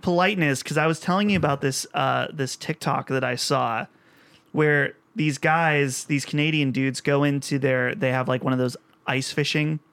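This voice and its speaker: A man hosting a casual podcast chat, lively and jokey, often slipping into playful impressions. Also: medium pitch, moderate pace, smooth, dry recording. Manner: lively, jokey, mimics others in a put-on friendly voice. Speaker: podcast host.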